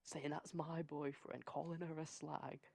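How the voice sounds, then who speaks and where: Gravelly-voiced young Englishman. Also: a little high, a little slow, no room sound. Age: young adult. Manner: energetic, rambling, swears freely. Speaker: podcast host. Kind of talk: casual storytelling among friends.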